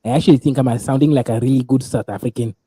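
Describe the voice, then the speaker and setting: A man's voice: mid-range voice, steady tone, very fast, warm tone, slightly rough, no echo. A man hosting a casual group call, joking loosely with his guests. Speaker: host.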